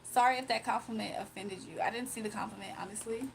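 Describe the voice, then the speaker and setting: Young woman, high voice, livestream chat, blunt, confrontational. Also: fairly even intonation, quick pace, gravelly, background noise. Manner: blunt and confrontational, scolding a viewer. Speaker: livestreamer giving spiritual readings. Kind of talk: casual livestream chat, reading comments aloud.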